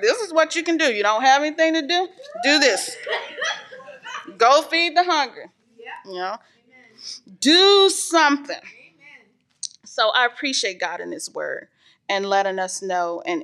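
A woman's voice: high voice, animated, normal speed, sharp tone. A woman teaching an informal church Bible lesson, reading scripture and explaining it earnestly, with frequent "um" fillers. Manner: reads scripture aloud, then explains it.

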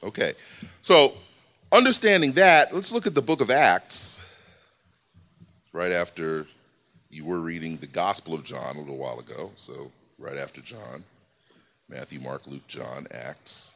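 A man's voice: sits low, measured pace, gravelly, long pauses, a bit bright. A man preaching in a church, explaining scripture in a casual, conversational way with many fillers. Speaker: pastor. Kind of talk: sermon.

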